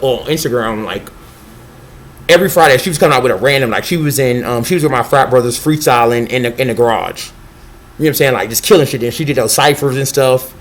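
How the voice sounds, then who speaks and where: A young man rambling in a casual vlog monologue, excitable and profane, jumping between thoughts and acting out quotes. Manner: scattered, excitable, profane, acts out quotes in a high voice. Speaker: vlogger.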